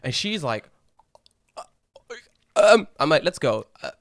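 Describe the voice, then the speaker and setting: A man's voice: on the high side, a little slow, no echo. Young podcast guy rambling a story, swears a bunch, dry close sound. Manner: rambling, swears a lot, animated when acting out others. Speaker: podcast co-host. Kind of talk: casual storytelling chat.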